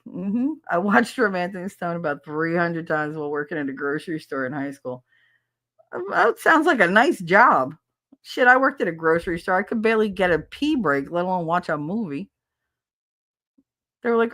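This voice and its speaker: A woman hosting a casual livestream chat, reading comments aloud and answering them in a brash, swearing way, with frequent laughter and quick mimicry. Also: mid-range voice, expressive, no echo, studio quality. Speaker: podcast host reading chat.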